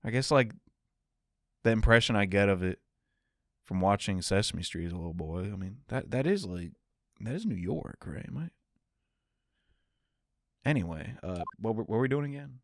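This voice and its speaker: A man's voice: lowish voice, animated, moderate pace, long pauses, dry recording. A man giving jokey, exclaiming commentary while playing through a game. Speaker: let's play host.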